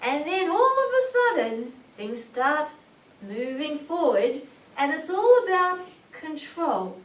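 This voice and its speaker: A woman channeling a jovial, earnest male alien star commander, preaching slowly and emphatically with rhetorical questions, in a roomy recording from a distant mic. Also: sits high, big pitch swings, heavily acted. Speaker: spirit channeler. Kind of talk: channeled spiritual message.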